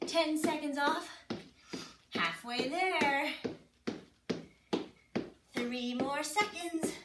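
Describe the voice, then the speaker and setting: A high-voiced woman fitness instructor leads a workout extremely slowly, chatting and poking fun at herself as she counts down and cues moves. The recording is noisy and echoey, with the mic far away in the room.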